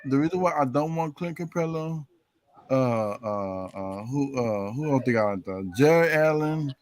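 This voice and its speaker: A man's voice: mid-range voice, lively intonation, measured pace, no room sound, rough recording. A man calling in to a sports talk stream, often repeating words as he builds his point. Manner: repeats words while getting going. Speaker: caller.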